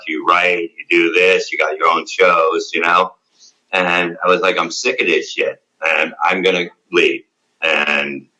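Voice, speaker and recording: A middle-aged man with a very low, forceful voice recounts old stories in a profane, rambling way. He acts out the lines other people said to him. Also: rough recording. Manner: profane, rambling, animated retelling with quoted dialogue. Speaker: comedian and radio guest. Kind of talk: candid interview storytelling.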